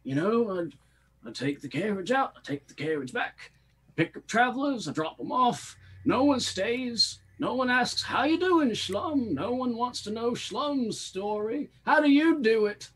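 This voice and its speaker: A man's voice: very high-pitched, lively intonation, measured pace, fairly bright tone, a little hiss or hum, voice pushed up, heavily acted, rough recording. A man voicing a lonely male carriage driver in a tabletop game, rambling wistfully about never being asked how he is.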